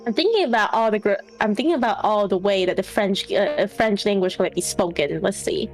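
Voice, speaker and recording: A woman's voice: medium pitch, a little fast, a little mellow, faint music behind. A woman guest streamer chatting and teasing her friend in a sassy way during a game. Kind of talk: casual let's-play chat.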